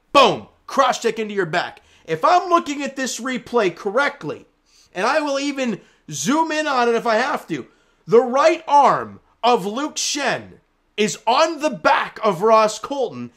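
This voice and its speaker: Animated young man ranting about hockey calls. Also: very high-pitched. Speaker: hockey commentator. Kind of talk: casual game recap over replays.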